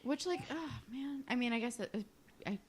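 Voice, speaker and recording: Slightly high-voiced woman; blunt, opinionated podcast co-host in casual chat. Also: expressive, a little fast, husky. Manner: blunt, swears freely, opinionated.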